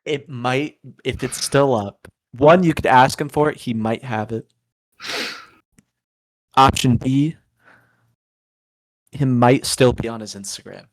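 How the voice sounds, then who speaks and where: List: man from the US, podcast co-host, joking banter, mid pitch, dry close sound. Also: takes it slowly, long pauses, no room sound. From United States. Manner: joking, self-mocking, trailing off and restarting. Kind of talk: crude comedic podcast banter.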